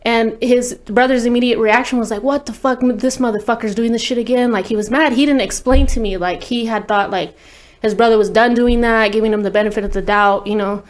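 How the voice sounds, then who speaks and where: A woman who records music is a guest on an interview show, recounting a personal story with blunt candor, cursing freely and saying "like" constantly. Her voice is fairly high, her intonation fairly flat, and she speaks briskly.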